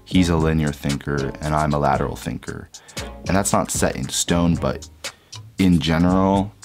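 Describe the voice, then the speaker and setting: A young man casually and candidly recounting a personal story as a vlogger, his voice trailing softer at the ends of sentences. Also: extremely low pitch. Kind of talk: reflective storytelling.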